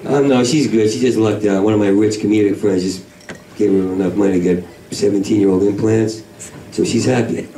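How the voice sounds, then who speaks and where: A man with a New York accent doing a stand-up routine in a comedy club, manic and rambling, swinging from yells to mutters. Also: lowish voice, steady tone, brisk, slight background noise. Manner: manic, rambling, swings between yelling and mumbling. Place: comedy club main room. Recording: roomy club sound from a far mic, audience laughter.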